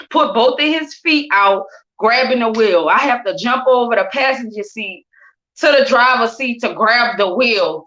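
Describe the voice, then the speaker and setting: Candid woman with a bright voice. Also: medium pitch. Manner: casual, candid, conversational, acts out quoted voices. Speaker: host telling her own story. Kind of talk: personal storytelling. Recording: dull lo-fi sound.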